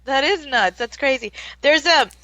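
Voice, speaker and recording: Rich: A woman with a bright, forceful voice chats casually with her co-host. The sound is dry and close, and she laughs easily and talks with many fillers. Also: high-pitched, moderate pace, dry recording, lo-fi sound. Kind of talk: casual chat.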